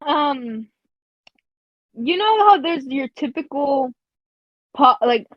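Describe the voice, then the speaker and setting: High-pitched woman rambling a story on a podcast, swears a lot, dry dull lo-fi sound. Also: expressive, slow, no echo. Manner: casual, profane, laughs between phrases, many fillers like "like". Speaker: podcast co-host. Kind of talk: casual storytelling chat.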